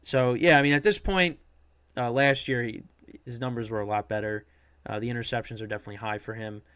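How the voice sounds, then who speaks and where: A man's voice: medium pitch, steady tone, brisk, a bit bright, smooth, dry recording. A man hosting a sports podcast, talking loosely and unscripted with many restarts and fillers. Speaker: podcast host. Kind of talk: casual sports podcast talk.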